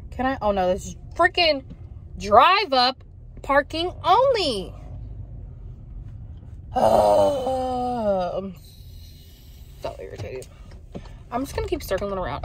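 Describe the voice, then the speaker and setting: Recording a casual car vlog while driving, a woman with a fairly high, slightly bright voice talks and rants in slang. Her pitch swings widely, her pace is moderate with long pauses, and faint background noise is present.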